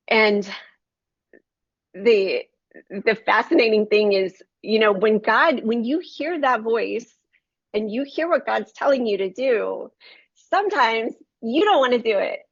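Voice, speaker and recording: Talking straight to her audience, a woman who reviews Christian books shares a sincere devotional story. She speaks unhurriedly in a fairly high, lively voice, and the close, dry recording has a somewhat dull lo-fi quality.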